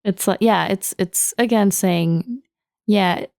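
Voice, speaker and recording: Japanese teacher, female, mellow gravelly tone, laughs easily, dry studio sound. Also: medium pitch, dry recording. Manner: explains words slowly, laughs often. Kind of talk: language lesson podcast.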